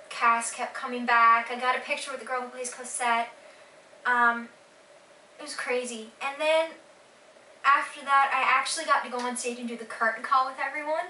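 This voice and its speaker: Excitable teen vlogger, girlish voice, filler-heavy storytelling, roomy distant sound. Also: high-pitched, a little hiss or hum. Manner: gushing, excited, lots of fillers. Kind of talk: casual vlog storytelling.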